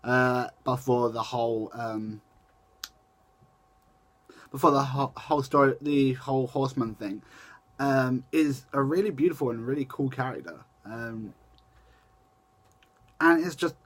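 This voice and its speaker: A man's voice: mid-range voice, a little slow, long pauses. A young man talks straight into his camera in a loose, chatty vlog style, his voice sitting in an ordinary middle range. He rambles, breaks off and restarts his sentences, and corrects himself as he goes. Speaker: vlogger. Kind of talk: casual chat to camera.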